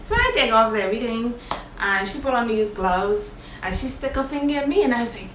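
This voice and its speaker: A woman vlogger telling a personal story in a casual, animated, plain-spoken way. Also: fairly high pitch, fairly quick. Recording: echoey room, faint background noise.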